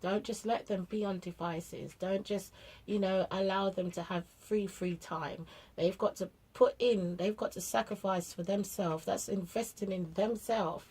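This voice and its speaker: Husky-voiced British mum giving blunt advice. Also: female voice, mid-range voice, fairly even intonation, unhurried, a little mellow, poor audio. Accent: British English. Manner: chatty and blunt, with street slang, acting out family exchanges. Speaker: parent vlogger. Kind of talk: casual monologue giving parenting advice.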